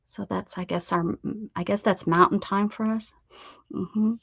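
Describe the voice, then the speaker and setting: Her voice is mid-range, gravelly and husky yet a bit bright, with fairly even intonation and an unhurried pace. This middle-aged American craft streamer rambles through casual chat with viewers, restarting and laughing, on dull, dry lo-fi audio.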